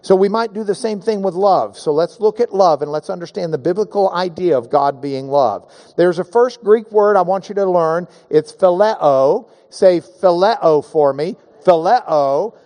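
A man's voice: sits high, measured pace, hardly any pauses, dark tone. A man preaching a sermon, emphatic and engaging his listeners with questions and call-and-response, with touches of self-deprecating humor.

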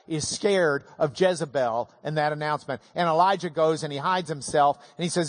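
A man's voice: fairly high pitch, normal speed, hardly any pauses. A man preaching a sermon, telling the story with humor and emphatic swings. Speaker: pastor.

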